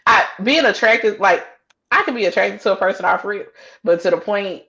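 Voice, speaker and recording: A woman's voice: mid-range voice, normal speed, bright, forceful tone, dull audio. A woman co-hosting a podcast, chatting casually and telling stories bluntly with plenty of swearing. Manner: blunt, profane storytelling. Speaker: podcast co-host. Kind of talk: casual chat.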